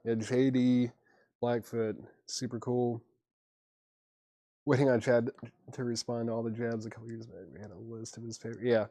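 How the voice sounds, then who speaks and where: Pausing often at a moderate pace, an easygoing man hosts a casual live record sale from his shop, reading out albums, prices and buyers while chuckling at himself. His pitch is an ordinary middle one, and the recording is dry without room echo.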